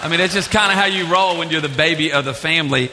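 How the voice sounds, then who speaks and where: A man's voice: a little high, fast, background noise. A middle-aged man preaching a sermon in a church, telling stories in a conversational way and asking the congregation questions. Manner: storytelling, animated and conversational, asks the congregation questions. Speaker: pastor.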